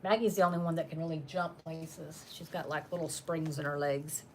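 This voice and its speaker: A woman's voice: deep voice, fairly even intonation, brisk, slight background noise. A woman chatting on a live stream from home, reading comments and laughing often while she talks about her dogs. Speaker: channel host reading live chat. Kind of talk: casual live-stream chat.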